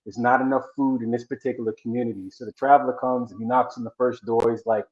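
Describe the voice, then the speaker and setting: A man's voice: medium pitch, steady tone, fast talker, hardly any pauses, a little mellow. A man co-hosting a show, casually retelling a folk story to make an earnest motivational point. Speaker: podcast co-host. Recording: roomy, dull lo-fi audio.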